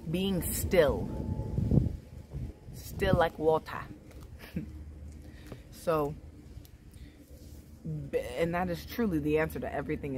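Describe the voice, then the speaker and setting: Woman, lowish voice, laid-back spiritual vlogger, faint background noise. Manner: relaxed, chatty, repeats "right?" often. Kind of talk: casual spiritual vlog talk.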